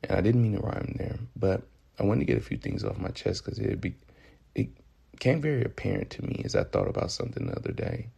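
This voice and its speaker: Gravelly, husky Southern man. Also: on the low side, huge pitch swings, fast talker, warm tone. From Memphis, Tennessee. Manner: loose, profane, joking. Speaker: podcast host. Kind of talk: casual solo podcast monologue.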